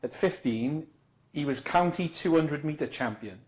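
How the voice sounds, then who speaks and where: A man's voice: on the high side, unhurried, a little mellow. A man, a podcast co-host who chats casually and chips in short agreements. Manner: brief agreeing interjections. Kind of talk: casual chat.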